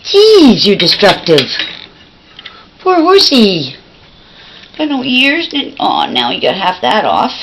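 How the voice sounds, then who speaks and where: A woman's voice: mid-range voice, wildly swooping pitch, slow, pauses often, noisy background. A woman filming her pet at home on a handheld camcorder, coaxing and praising it in cooing baby talk. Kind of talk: home video chat with a pet.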